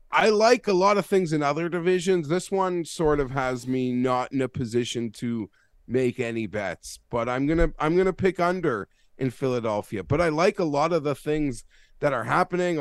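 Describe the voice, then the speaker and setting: Easygoing man with a higher voice. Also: clear, resonant tone, no room sound. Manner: easygoing, hesitant, stumbles over words. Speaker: sports betting co-host. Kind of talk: casual sports betting chat.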